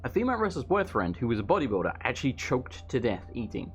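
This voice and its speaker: A man's voice: mid-range voice, wildly swooping pitch, quick pace. Chatty, rambling male game commentator. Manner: rambling and chatty, swearing, eating while talking. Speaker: let's play commentator. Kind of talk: casual gameplay commentary.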